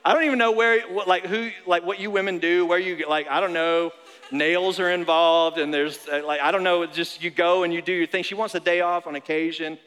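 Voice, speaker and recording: A young adult man preaching a sermon to a congregation. He is animated and joking, and he repeats phrases for emphasis. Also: high voice, brisk, smooth. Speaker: pastor. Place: large church auditorium. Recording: long hall reverb.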